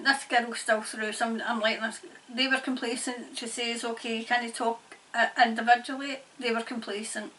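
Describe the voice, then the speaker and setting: A woman giving a spirit-channelling reading in halting, repetitive, murmured phrases. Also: on the high side, sharp tone. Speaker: tarot reader and medium. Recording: distant mic, faint background noise.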